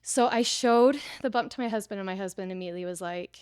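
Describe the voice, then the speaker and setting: A woman's voice: mid-range voice, fast, darkish tone, clear, resonant tone, dry recording. Chatty woman guest, dry close sound. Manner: chatty, lots of "like" fillers. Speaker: guest, preparedness teacher. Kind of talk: casual storytelling in an interview.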